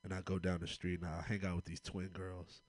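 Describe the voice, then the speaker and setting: A man's voice: deep voice, monotone, fairly quick, no echo. A young man from Oakland doing a loose, rambling stand-up set full of laughter. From Oakland, California. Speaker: stand-up comedian.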